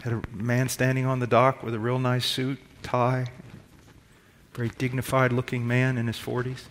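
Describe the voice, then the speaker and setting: A middle-aged male preacher giving a sermon, shifting between loud, slow emphatic preaching and quiet personal storytelling. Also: medium pitch, completely flat delivery, slight background noise.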